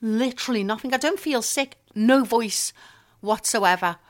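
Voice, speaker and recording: A woman in her fifties with a Liverpool accent, a stage actress and singer telling lively stories as an interview guest and laughing easily. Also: fairly high pitch, measured pace. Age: 50s. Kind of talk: casual chat interview.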